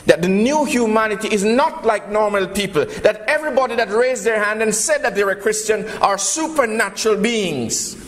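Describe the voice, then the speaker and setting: A man's voice: high voice, expressive, normal speed, hardly any pauses, a bit bright. A man preaching a sermon, telling a parable and calling his listeners beloved. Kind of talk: sermon with storytelling. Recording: long reverb, faint background noise.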